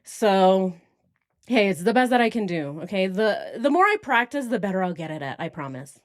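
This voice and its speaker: A woman's voice: mid-range voice, sing-song, normal speed, dry recording, studio quality. A woman hosting a casual true crime livestream, rambling off on tangents and now and then putting on mocking voices.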